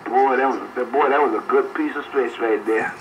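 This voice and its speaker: On the air by CB radio, an older man reminisces and chats in an easygoing, folksy manner, often breaking into laughter. His voice is medium-pitched and steady, his speech a bit quick, and the transmission sounds dull with faint hiss.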